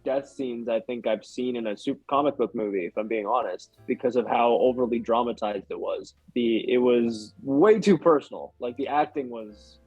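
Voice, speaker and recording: Husky young man, dull dry recording. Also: mid-range voice, moderate pace, hardly any pauses, a little mellow, dry recording, faint music behind. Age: young adult. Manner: rambling, hedging with many "like"s. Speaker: podcast guest. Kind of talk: casual chat.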